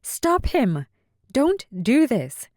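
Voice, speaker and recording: A woman's voice: high voice, huge pitch swings, drawn-out words, a little mellow, no room sound, studio quality, voice pushed up, full character voice. A woman voicing a headstrong young heroine who pleads urgently. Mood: pleading.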